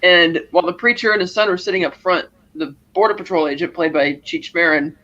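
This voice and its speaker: Bright high-voiced man recapping a movie. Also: brisk, lo-fi sound. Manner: retells scenes with acted-out quotes. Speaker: podcast co-host. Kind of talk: casual movie recap chat.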